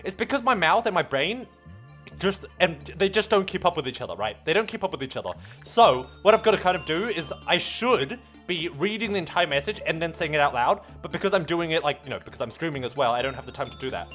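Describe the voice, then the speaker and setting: A man's voice: on the high side, lively intonation, fast, fairly bright tone, faint music behind. A man chatting casually on a live stream while gaming. He stammers, restarts words often, swears freely and laughs at himself.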